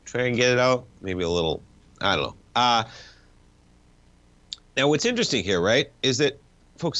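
A man's voice: fairly low pitch, fairly bright tone. Stuffy-nosed man hosting market talk. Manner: conversational, wry, rambling asides. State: stuffed-up nose. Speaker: financial talk show host. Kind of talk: casual market commentary.

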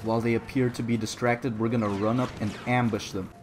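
A young man giving lively, sarcastic commentary over his own gameplay, boasting in jest and swearing freely. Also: mid-range voice, a little fast, background noise. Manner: mock-boastful, jokes about himself. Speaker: gaming video creator.

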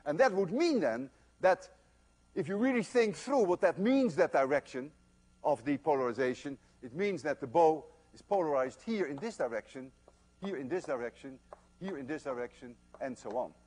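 Animated older man lecturing physics. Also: on the high side, normal speed. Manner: animated storytelling, emphatic. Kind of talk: university lecture. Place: lecture hall.

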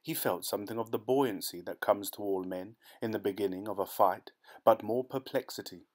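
A man narrates a classic short story for an audiobook with a fairly low voice. He keeps a steady, measured storytelling pace through the action. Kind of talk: scripted narration.

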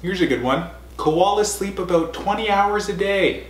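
A man's voice: sits high, moderate pace, reverberant. Joking young man reading trivia. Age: young adult. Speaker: vlog co-host, athlete. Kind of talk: casual couch chat, reading trivia. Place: home living room couch.

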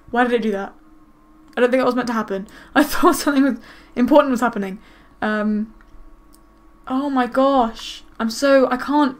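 A woman giving casual gameplay commentary, excitable and gushing over what happens in her game. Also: a little high. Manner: excitable, gushing, squeals with delight. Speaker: gaming video host.

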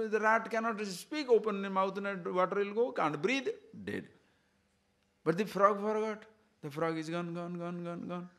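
A man giving a spiritual discourse, telling a fable in an animated way and checking in with his listeners as he goes. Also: high-pitched. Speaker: spiritual teacher.

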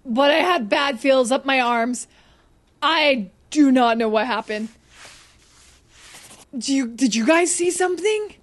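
A young woman streaming a horror game live, chatting to her viewers, jumpy and quick to swear, shrieking and laughing whenever something startles her. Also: high voice.

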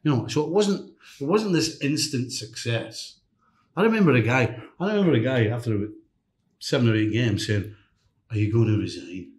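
A middle-aged man tells stories from his coaching days as a podcast guest. He talks at an ordinary pitch in a casual, lively way and breaks into other people's voices for quotes. The sound has a roomy echo. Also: normal speed. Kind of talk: casual storytelling chat. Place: hotel room podcast set.

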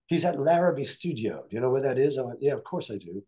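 An older man, a session guitarist, telling lively anecdotes in an interview and acting out the dialogue. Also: mid-range voice, quick pace. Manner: animated anecdotes, acts out dialogue. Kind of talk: storytelling in an interview.

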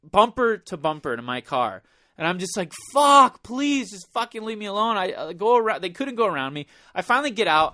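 Podcast guy telling a story, swears a ton, acts out his own freakout, bright punchy voice. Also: high voice, no room sound, studio quality. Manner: animated, profane, reenacts his own panicked thoughts. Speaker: podcast co-host. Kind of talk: casual chat, storytelling.

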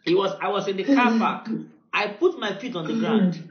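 A man with a Nigerian accent preaching a sermon as pastor, telling a story and building to shouted decrees. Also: high-pitched, normal speed. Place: church hall. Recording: echoey, dull church recording.

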